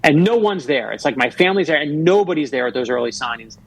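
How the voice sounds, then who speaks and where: Guest author, a man in his fifties, with a husky voice and a dry, close sound. He tells earnest personal stories. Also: fairly high pitch, expressive, fast talker, dry recording, rough recording. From Florida. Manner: earnest storyteller who acts out quoted voices. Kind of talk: storytelling in a radio interview.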